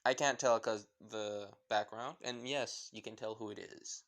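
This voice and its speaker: A man's voice: lowish voice, steady tone, measured pace, fairly bright tone. Rambling man retelling a story casually. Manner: rambling, with many fillers and self-corrections.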